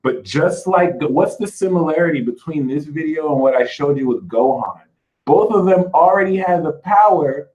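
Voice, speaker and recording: A man's voice: on the high side, lively intonation, normal speed, darkish tone, rough recording. A man hosting his own channel, giving a casual spiritual talk straight to his viewers in a chatty way. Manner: chatty, addresses viewers directly as y'all. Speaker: spiritual reader and channel host.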